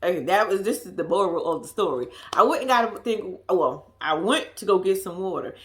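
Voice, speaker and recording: A woman's voice: lowish voice, animated, fairly quick, fairly bright tone. A woman vlogger telling a story to her viewers in casual chat, swearing freely and laughing at herself.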